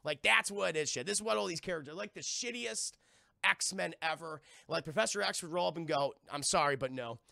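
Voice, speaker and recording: A man's voice: high-pitched, a little fast, creaky, sharp tone, no room sound, studio quality. A young man reviewing a TV episode on a live stream, rambling and swearing a lot and constantly talking to his chat. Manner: profane, rambling, keeps addressing chat.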